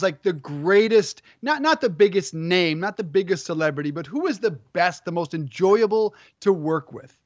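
A man with a high voice hosts a sports talk show and puts upbeat questions to his guest. The sound is dry and close, with slightly dull audio. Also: dry recording. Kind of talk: hosting an interview.

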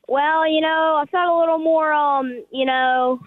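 A man's voice: very high voice, steady tone, unhurried, no room sound. A nine-year-old boy with a South Carolina accent, answering a radio host's questions politely and a little hesitantly, with many fillers. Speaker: guest golfer. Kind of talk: phone-in radio interview. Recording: tinny dry phone line.

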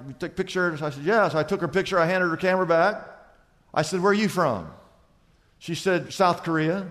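A man preaching a sermon as a pastor, telling stories in an animated way and swinging from loud to quiet. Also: fairly high pitch, in a large hall.

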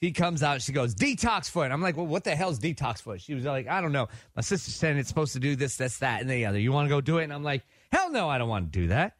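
A man's voice: on the high side, fast, hardly any pauses, dry recording, studio quality. A man, co-hosting a morning radio show and telling a story, acting out the quotes as he goes. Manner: animated storyteller who acts out quotes. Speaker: radio co-host.

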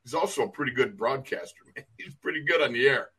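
A man's voice: mid-range voice, expressive, fast, bright, forceful tone, husky. A man co-hosting a football podcast, telling old coaching stories with laughs and emphasis. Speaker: co-host, former player. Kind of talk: casual podcast chat.

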